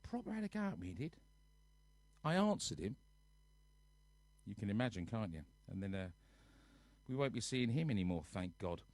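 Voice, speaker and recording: A man's voice: lowish voice, sing-song, moderate pace, pauses often, a little mellow, no room sound. Chatty man greeting viewers. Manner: chatty, jokey, reads out viewers' names one by one. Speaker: singer hosting a nightly livestream. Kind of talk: casual livestream chat greeting viewers. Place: at home on a sofa.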